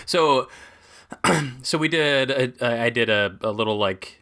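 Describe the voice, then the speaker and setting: A man's voice: mid-range voice, measured pace, sharp tone. A man co-hosting a podcast, telling a story in a rambling way and laughing often. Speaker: podcast co-host. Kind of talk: casual chat.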